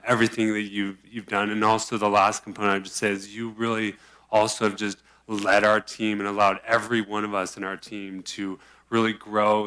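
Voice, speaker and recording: A man's voice: lowish voice, pushed and bright. A man giving a heartfelt, emotional public-comment tribute in a county board meeting chamber. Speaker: county board office staffer.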